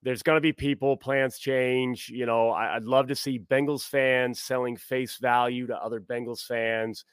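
A man talking sports as a podcast guest in a relaxed, chatty way. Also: medium pitch, moderate pace, few pauses, clear, resonant tone, no echo, studio quality. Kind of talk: casual sports chat.

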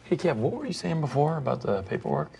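An actor playing an easygoing male office coworker who talks quickly and offhandedly in a sitcom scene. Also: fairly high pitch, very animated, creaky, a little mellow, a little hiss or hum. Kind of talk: sitcom acting.

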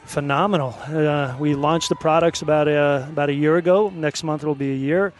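A man from California talks up his distillery in an upbeat, promotional way, his fairly high voice full of ums and uhs. The chat happens outdoors at a festival. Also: fairly even intonation, moderate pace. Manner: upbeat promotional talk with fillers. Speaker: distillery co-founder. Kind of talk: casual interview chat.

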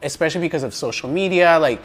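An American man who is a guest on a podcast, talking in an animated, playful way with frequent laughs. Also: fairly high pitch, fast talker, soft background music. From United States. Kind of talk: casual interview chat.

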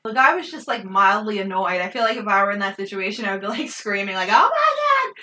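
Bright-voiced animated woman podcaster. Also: mid-range voice, fast, distant mic, a little hiss or hum. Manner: animated, swears freely, laughs often. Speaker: podcast co-host reviewing a film. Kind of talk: casual chat.

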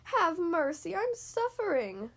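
A woman voicing a sly, hungry male fox who pleads and whimpers in drawn-out, high tones. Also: lively intonation, gravelly, fairly bright tone, exaggerated voice. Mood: wailing.

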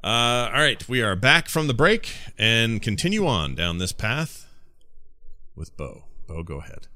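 A man's voice: lowish voice, sing-song, measured pace, sharp tone. A man chatting casually as co-host of a tabletop game show, laid-back in manner. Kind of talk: casual chat.

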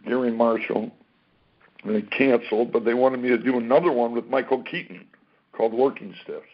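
A man telling a career story as an interview guest, animated, acting out what people said and swearing freely. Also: medium pitch, a little fast, husky. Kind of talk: casual anecdote-telling. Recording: dull lo-fi recording.

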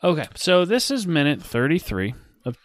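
A man's voice: fairly high pitch, wildly swooping pitch, moderate pace, dry recording, studio quality. A young man co-hosting a podcast in casual, playful chat, telling stories with animation. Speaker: podcast co-host.

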